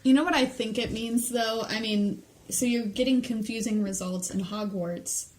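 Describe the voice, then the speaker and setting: A woman's voice: on the high side, normal speed, a little mellow, low-quality recording. Laughing chatty woman podcaster. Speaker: podcast co-host. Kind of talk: casual chat.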